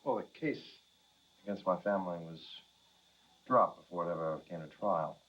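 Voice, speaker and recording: An actor playing a polite, guarded young politician who speaks in measured tones, in dull film audio. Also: male voice, sits low.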